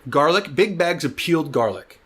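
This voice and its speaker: A man co-hosting a comedy podcast, chatting casually and landing deadpan punchlines. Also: fairly high pitch, moderate pace, husky. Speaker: podcast co-host.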